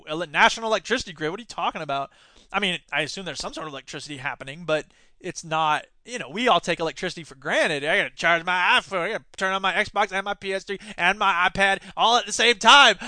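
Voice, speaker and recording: A sarcastic, animated man hosting a solo news podcast, who argues with himself. His voice is high and bright. The sound is dry and close. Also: dry recording. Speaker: podcast host.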